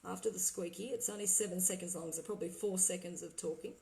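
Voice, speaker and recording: A woman's voice: lowish voice, fast, vocal fry, background noise. Chatty woman vlogger. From Australia. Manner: excited, trailing off, laughing often. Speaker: vlogger playing spirit recordings. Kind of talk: casual livestream chat.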